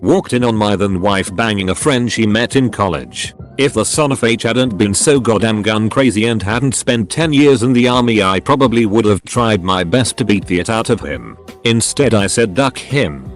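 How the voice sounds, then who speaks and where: A man's voice: lowish voice, normal speed, few pauses, faint music behind. A man narrating first-person stories in a dry, conversational scripted voiceover. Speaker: story narrator.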